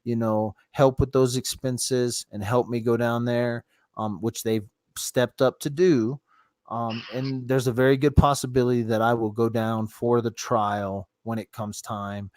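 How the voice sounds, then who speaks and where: A middle-aged man hosts a casual live stream from his phone and chats with callers in a loose, rambling way. He swears freely at an ordinary mid pitch. The sound is dry and close. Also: level tone, unhurried, darkish tone, no echo. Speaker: livestream host taking callers.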